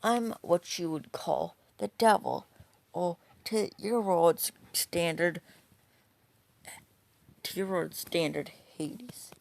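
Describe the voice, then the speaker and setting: A woman's voice: lowish voice, takes it slowly, vocal fry, a little mellow. A woman voicing a boastful male devil introducing himself, in a voice close to her own. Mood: smug.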